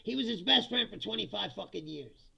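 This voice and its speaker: A man's voice: high voice, expressive, fairly quick, creaky, sharp tone, husky. A man hosting a live-stream, talking in a blunt, profane, ranting way and often laughing between remarks. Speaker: live-stream commentary host.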